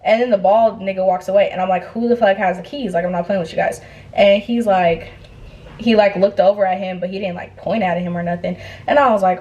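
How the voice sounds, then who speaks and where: Young woman, storytime vlog, animated, profane slang, casual retelling. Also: mid-range voice, a little fast, dull audio. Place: indoors, getting ready.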